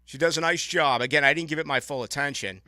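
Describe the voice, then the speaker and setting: A man hosting a sports radio show, chatting casually and ranting with animated opinions from a studio mic. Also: fairly high pitch, fast talker, no room sound. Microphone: studio microphone.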